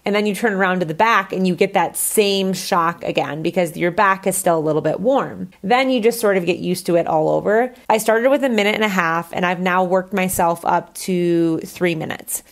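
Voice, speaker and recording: A woman's voice: on the low side, normal speed, few pauses. A woman hosting her own podcast, talking casually and candidly, with lots of "like" fillers. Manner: chatty, candid, says "like" a lot. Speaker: podcast host.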